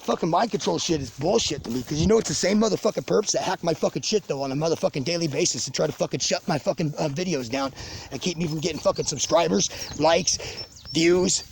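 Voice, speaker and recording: Tipsy man, gravelly raised voice, rambling profane rant to camera. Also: fairly high pitch, fast, slight background noise. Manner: swearing constantly, rambling and angry. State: drinking, tipsy. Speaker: vlogger ranting to his channel. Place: outdoors in the country near a garage.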